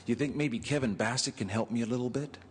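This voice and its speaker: Senator telling stories in a reverberant chamber. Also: male voice, mid-range voice, fast talker, a little hiss or hum. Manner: storytelling, acting out dialogue, chuckling. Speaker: state senator. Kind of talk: anecdotal floor speech tribute. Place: legislative chamber. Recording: chamber with long reverb, faint ambience.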